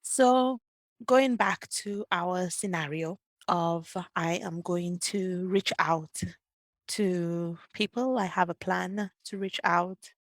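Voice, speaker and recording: A woman's voice: on the low side, slow, dry recording, clean studio sound. A woman hosting an interview, who affirms her guest, recaps points and asks follow-up questions. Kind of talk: conversational interview.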